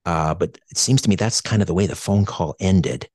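A middle-aged man from Canada with a deep, low voice recounts a personal memory at length. He hesitates, restarts and fills pauses as he thinks back. The sound is dry and close, with no room echo. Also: darkish tone. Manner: hesitant and reflective, many fillers and restarts. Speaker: radio show co-host. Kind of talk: personal storytelling.

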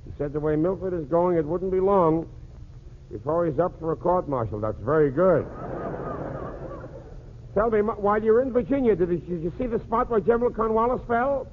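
Old-time radio host guy, kinda high voice, joking through a pretend phone call, thin crackly sound. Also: expressive, brisk. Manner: wisecracking one-sided phone gag. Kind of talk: 1940s radio comedy monologue. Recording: tinny old radio broadcast with faint hiss.

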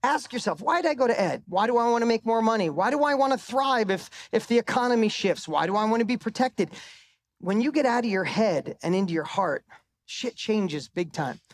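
Speaking a little fast with lively intonation, a middle-aged motivational speaker uses a high-pitched voice in a live stage talk into a mic. His personal story is peppered with emphatic swearing, and his voice rises for punchlines.

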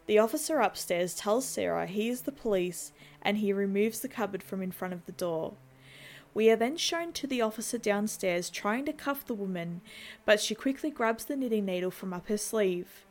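A woman's voice: mid-range voice, animated, normal speed, darkish tone. A woman narrating a movie recap in a conversational tone, dropping in wry asides.

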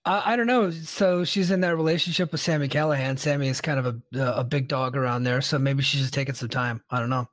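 A man's voice: mid-range voice, fast, hardly any pauses, fairly bright tone, dry recording. A man hosting a casual podcast chat, recapping in an easygoing way. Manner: easygoing recap, laughs often. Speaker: podcast host.

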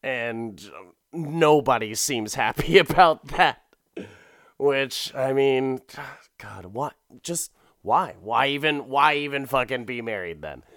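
Young man giving a clear, casual recap. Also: mid-range voice, animated, slow, fairly bright tone, no echo, clean studio sound. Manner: rambling and profane, with frequent laughs and restarts.

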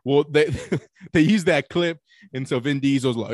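A man's voice: a little high, unhurried. A man in casual podcast chat, telling rambling, profane stories with many restarts. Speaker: podcast co-host.

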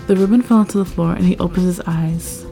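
A woman reading a first-person story aloud, expressive and rising at tense moments. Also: on the low side, fast talker, creaky. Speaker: story narrator. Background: faint background music.

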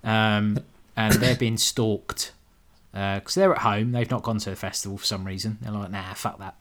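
A man with a fairly low, fairly bright voice and fairly even intonation co-hosts a podcast at a moderate pace. He recaps a film in casual chat, dry and sarcastic, swearing and laughing as he goes.

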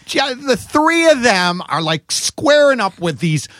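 A man telling rowdy band-tour stories in casual chat, swearing freely and loudly acting out the people he quotes. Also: very high voice, sing-song, measured pace, dry recording, studio quality. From Irish heritage. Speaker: podcast guest, musician.

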